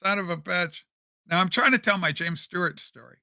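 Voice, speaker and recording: Male livestream host, high bright voice, rambling and animated, dry desk mic. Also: brisk, gravelly, no room sound. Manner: rambling and animated, with many fillers. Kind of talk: casual livestream chat. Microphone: desk microphone.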